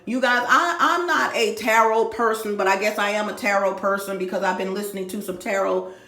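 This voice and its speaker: A woman's voice: medium pitch, a little fast, pushed and bright, echoey room. A middle-aged woman from Dallas, Texas, ranting in a profane, rambling vlog recorded at home. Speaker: YouTuber. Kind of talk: emotional vlog rant. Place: home room.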